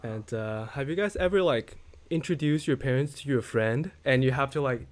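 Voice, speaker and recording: A young man co-hosting a casual student podcast, telling lively stories and acting out what people said. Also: mid-range voice, moderate pace. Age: young adult. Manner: storytelling, animated, acts out quotes. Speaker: podcast co-host. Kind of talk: casual chat.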